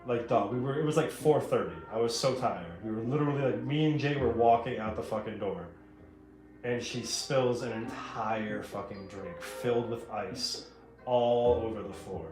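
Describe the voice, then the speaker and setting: A man with a medium-pitched, slightly mellow voice at normal speed livestreams from home as he paints. His casual storytelling is full of profanity and laughter, heard with roomy echo and faint guitar in the background.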